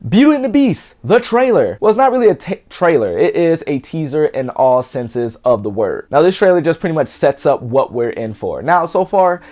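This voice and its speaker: A man's voice: fairly high pitch, normal speed, hardly any pauses. Chatty young man reviewing a film. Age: 20s. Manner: chatty and excitable, rambling with many "like"s. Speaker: movie reviewer. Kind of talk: casual reaction review.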